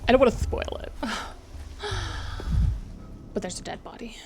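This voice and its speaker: Woman game streamer with a gravelly, raised voice; sarcastic running commentary. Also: a little high, unhurried, soft background music. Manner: sarcastic, playful, self-mocking. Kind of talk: let's play commentary with read dialogue.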